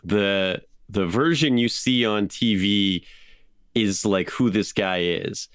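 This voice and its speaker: A man hosting a podcast, telling a story in casual chat, animated with frequent laughs and fillers. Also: lowish voice, takes it slowly, clean tone, no echo, studio quality. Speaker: podcast host.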